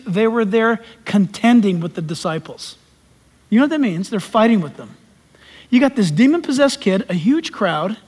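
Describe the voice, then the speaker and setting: High-voiced man preaching in a reverberant hall. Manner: folksy, emphatic preaching with homespun asides. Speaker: pastor. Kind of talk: sermon.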